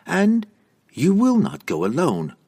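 A man voicing a cold, scheming female dark elf priestess in an audiobook, speaking in a sarcastic, commanding way. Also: fairly high pitch, huge pitch swings, takes it slowly, slightly rough, voice pushed up, full character voice.

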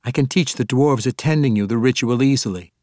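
A man voicing a proud elf priestess woman in an audiobook, speaking in a measured, solemn and formal way. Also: mid-range voice, warm tone, no echo, clean studio sound, voice pushed up, natural voice.

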